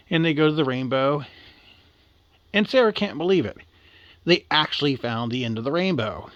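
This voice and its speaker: A man's voice: mid-range voice, fairly quick, fairly bright tone, no echo. A man telling a story aloud in a casual, rambling, slangy way.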